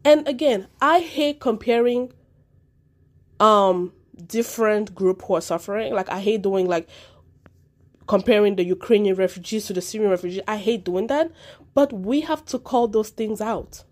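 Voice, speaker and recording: A woman's voice: medium pitch, moderate pace, a little mellow. Impassioned woman podcast host. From Africa. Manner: impassioned, repeating words for emphasis. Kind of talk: solo commentary podcast.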